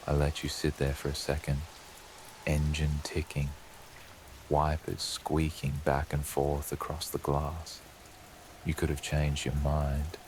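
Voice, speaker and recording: A male narrator with an extremely deep voice tells a bedtime horror story in a slow, ominous drawl. His delivery stays flat and even, and soft rain patters faintly behind him. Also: noisy background. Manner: slow, ominous second-person telling as a lurking presence. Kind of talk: scripted horror narration for sleep.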